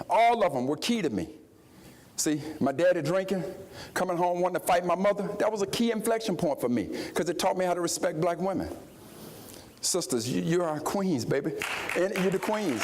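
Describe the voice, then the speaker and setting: A middle-aged man from Mississippi, giving an impassioned keynote speech, preacher-like, swinging from shouts to low confiding tones. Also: slight background noise. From Jackson, Mississippi, US. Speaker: keynote speaker.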